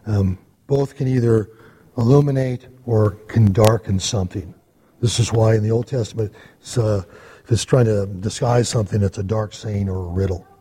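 A man teaching a church Bible study class in a conversational lecture style, pausing often on "uh" and checking in with his listeners. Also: on the low side, dark tone, breathy edge. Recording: long hall reverb.

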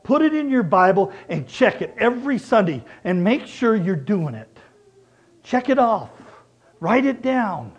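A middle-aged man preaching a sermon, telling personal stories in an animated way and acting out both sides of conversations. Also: sits high, breathy edge.

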